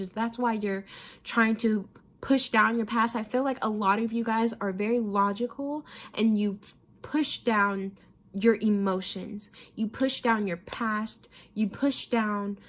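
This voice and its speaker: Emotional young woman tarot reader. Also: mid-range voice. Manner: emotional, repeats phrases, swears casually. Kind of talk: pick-a-card tarot reading.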